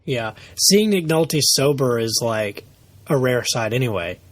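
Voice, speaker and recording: Dude co-hosting a podcast, chill and measured, middle voice, dry sound. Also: male voice, mid-range voice, lively intonation, no room sound. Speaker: podcast co-host. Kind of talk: casual chat.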